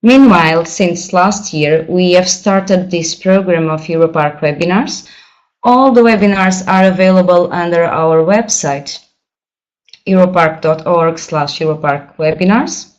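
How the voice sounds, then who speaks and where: Lowish woman moderator on dull web audio. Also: measured pace. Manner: polite, hesitant with fillers. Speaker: webinar moderator. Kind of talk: webinar introduction.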